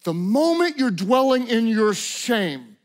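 A male preacher with a high voice who delivers his sermon dramatically. He drops to hushed, slow lines and then builds up to shouting. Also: big pitch swings.

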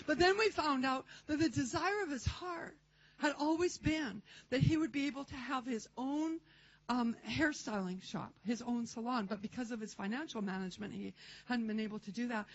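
A woman preaching a testimony, telling stories in an animated way and acting out the voices of the people in them. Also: sits high. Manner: animated storytelling, acts out voices and laughs. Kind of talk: testimony sermon. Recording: dull lo-fi recording.

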